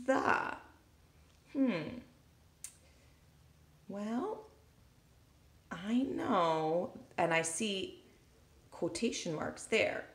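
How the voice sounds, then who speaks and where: A woman's voice: medium pitch, fairly bright tone. A woman teacher talking students through a worksheet, thinking aloud step by step and tapping out syllables on the table as she records with one hand. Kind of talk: recorded classroom lesson walkthrough. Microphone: handheld recording device. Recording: echoey room.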